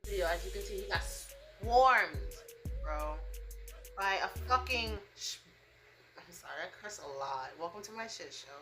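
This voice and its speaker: A woman's voice: mid-range voice, animated, normal speed. Profane, chatty young woman over music. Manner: blunt, profane, lots of "like" and slang. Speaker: beauty and gossip vlogger. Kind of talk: casual chat while doing makeup.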